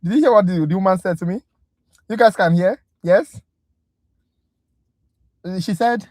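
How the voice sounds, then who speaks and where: This exasperated, chatty tutor leads a casual livestream review class, ranting directly to viewers and addressing them as "guys." The medium-pitched, darkish voice keeps a normal speed with long pauses, recorded dry and close.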